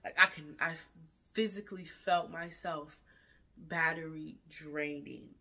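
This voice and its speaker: A woman's voice: low voice, steady tone, measured pace, bright, forceful tone. A woman vlogger giving an earnest, emotional, candid life update to her viewers, indoors at night. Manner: earnest, emotional and frank, with repeated restarts. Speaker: fashion vlogger and designer.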